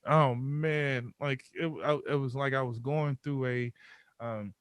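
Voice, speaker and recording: Male guest, mid-pitched, vivid storyteller who acts out dialogue, dry sound. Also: takes it slowly, smooth, no room sound. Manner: animated storyteller, acts out his own inner voice. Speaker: podcast guest. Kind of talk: candid storytelling interview.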